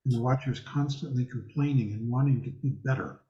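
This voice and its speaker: Guy teaching over a video call, slow and emphatic, mellow voice, roomy muffled audio. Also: medium pitch. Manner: measured, emphatic, slows on key words. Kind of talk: teaching in group discussion.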